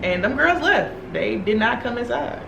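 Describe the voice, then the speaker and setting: A young woman vlogger telling a long story in a casual, animated way while doing her makeup, acting out other people's lines as she goes. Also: fairly high pitch, unhurried, creaky, highs cut off, background noise. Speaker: beauty vlogger. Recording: echoey room.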